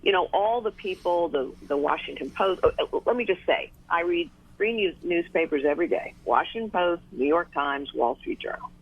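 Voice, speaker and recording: A woman guest on a talk radio call-in, making her points in numbered order in a measured way. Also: fairly low pitch, lively intonation. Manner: measured, lists points one by one. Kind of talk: phone interview on talk radio. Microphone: telephone. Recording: tinny phone line.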